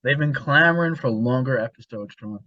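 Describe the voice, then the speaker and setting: A man's voice: mid-range voice, brisk, dry recording. A young man co-hosting a podcast, telling long rambling stories with frequent laughs and casual swearing. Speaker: podcast co-host. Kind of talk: casual chat. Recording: dull dry lo-fi sound.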